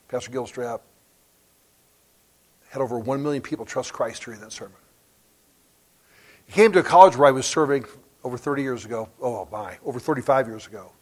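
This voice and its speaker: A man in his sixties, preaching as a guest, tells stories that build to sudden, emphatic surges in loudness. His voice is medium in pitch.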